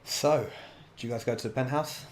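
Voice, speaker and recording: A man narrating a tabletop game as game master, halting and full of restarts. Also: medium pitch. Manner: halting, many fillers and restarts.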